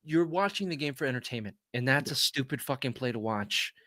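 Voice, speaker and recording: A man's voice: medium pitch, animated, a little fast, bright, forceful tone, no echo, studio quality. A man hosting a casual sports podcast, blunt and opinionated, swearing freely. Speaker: podcast host.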